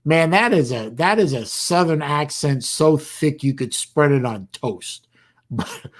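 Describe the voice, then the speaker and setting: Guy doing a laid-back livestream, rambly and halting, dry sarcastic bits. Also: on the high side, lively intonation. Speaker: livestream host. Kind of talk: casual livestream chat.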